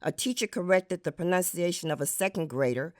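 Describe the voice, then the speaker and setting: A woman who was a school administrator reads aloud from her book in a measured, deliberate way, demonstrating pronunciations. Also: lowish voice, no echo, clean studio sound. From United States. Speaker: author and former school administrator.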